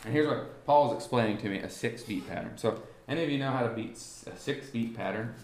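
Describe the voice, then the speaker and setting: A man teaching a class on musical timing, talking haltingly with many restarts and asking the students rhetorical questions. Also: medium pitch, darkish tone, echoey room. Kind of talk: classroom lesson on beat patterns. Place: warm indoor classroom.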